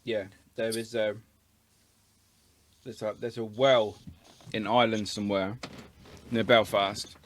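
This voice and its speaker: A man's voice: on the low side, flat delivery, measured pace, long pauses, a little hiss or hum. A man, co-hosting a podcast with cheeky, laughing banter. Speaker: podcast co-host. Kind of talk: casual chat.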